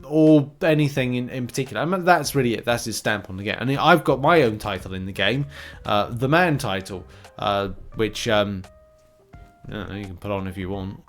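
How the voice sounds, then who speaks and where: A man's voice: lowish voice, normal speed, soft background music. A man hosting a casual gaming news roundup, chatty and rambling, with frequent fillers and restarts.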